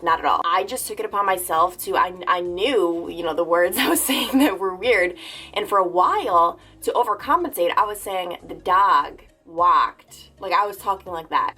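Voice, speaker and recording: A woman's voice: fairly low pitch, fairly bright tone. Chatty young woman vlogging from her bedroom. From Long Island, New York. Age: 20s. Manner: chatty, bubbly, self-mocking, laughs often. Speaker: vlogger and TV news reporter. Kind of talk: casual vlog talk to camera. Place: her childhood bedroom at home.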